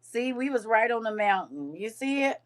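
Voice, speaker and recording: A woman's voice: fairly high pitch, normal speed. A woman hosting a live stream, chatting expressively with her viewers while puffy-eyed from crying. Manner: chatty and expressive, addresses viewers as girl and honey. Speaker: livestream host. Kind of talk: casual chat to a live audience.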